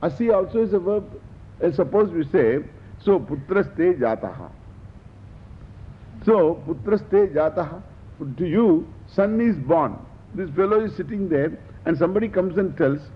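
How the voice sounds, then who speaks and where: Speaking at normal speed in a slightly rough voice, this Vedanta teacher lectures on scripture, rendering Sanskrit terms into English and going back over key phrases. It's a dull, lo-fi recording with faint rumble underneath.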